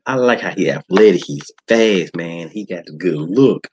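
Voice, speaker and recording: A man hosting a podcast, giving casual, slangy commentary on wrestling as he watches. His talk jumps to high excited shouts. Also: normal speed, vocal fry, husky, highs cut off. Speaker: podcast host.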